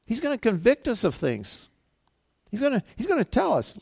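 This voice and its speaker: A man's voice: very high voice, wildly swooping pitch, normal speed, creaky, a little mellow, slightly rough, no room sound, studio quality. A male pastor preaching a sermon in a conversational way, acting out the voices he quotes.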